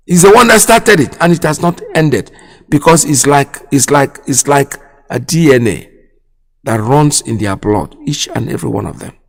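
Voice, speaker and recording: A man's voice: mid-range voice, vocal fry. A Nigerian man hosting a radio show, giving impassioned political commentary, indignant and repeating himself as he fires off rhetorical questions. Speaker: radio host. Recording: long hall reverb.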